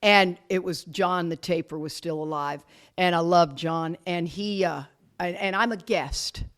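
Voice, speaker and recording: A woman speaking to a live audience as a guest speaker, telling her story with blunt, self-mocking humor, laughing often and loudly acting out what people said. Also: on the low side, unhurried. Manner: animated, laughs often, acts out quotes loudly. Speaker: guest speaker at a recovery retreat.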